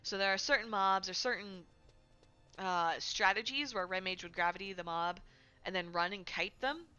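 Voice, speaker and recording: Chatty woman streamer, bright voice. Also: mid-range voice, normal speed, smooth, lo-fi sound, faint music behind. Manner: chatty, full of "like" and "right?". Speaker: livestream host. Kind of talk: casual game news chat. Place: home streaming setup.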